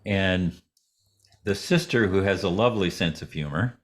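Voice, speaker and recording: An interview guest relaxes into a story, acting out the voices of the people in it. His voice sits low, at a normal speed.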